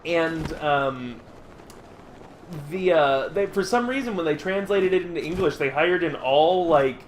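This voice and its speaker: A man from the United States chatting casually while streaming a game, laughing often and swinging between loud bursts and quiet asides. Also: fairly high pitch, expressive, measured pace, a little hiss or hum. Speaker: streamer host. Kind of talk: casual chat while gaming. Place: indoors at home.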